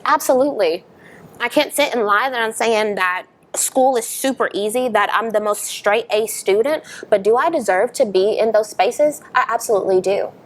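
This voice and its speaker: A young woman, a podcast guest, telling her story in a casual interview, animated and emphatic, laughing often. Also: on the high side, moderate pace.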